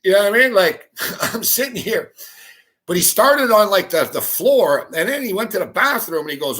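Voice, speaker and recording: A man's voice: high-pitched, animated, moderate pace, a bit bright. A man hosting a sports talk show, telling a story in a casual, profane, exasperated rant and laughing often. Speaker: sports talk radio host.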